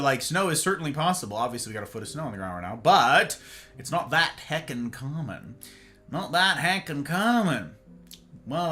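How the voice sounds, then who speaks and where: Picture a tired man running a live stream, chatting casually with his viewers. His voice is bright and a touch high, and it swings widely from excited squeals down to mumbled asides. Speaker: live streamer greeting chat.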